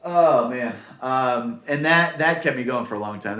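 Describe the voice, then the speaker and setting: A man's voice: mid-range voice, animated, a little slow, a bit bright, echoey room. A man telling his own career story in an earnest, heartfelt way, with many fillers. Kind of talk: personal story to camera.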